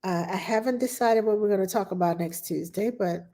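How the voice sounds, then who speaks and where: A woman's voice: medium pitch, brisk, mellow. A middle-aged woman, a nanny chatting casually to her live-stream viewers, rambling with many fillers.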